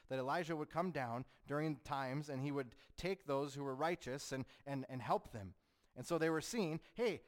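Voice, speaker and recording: Man, pastor, sermon, fervent rises, hushed solemn drops. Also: medium pitch.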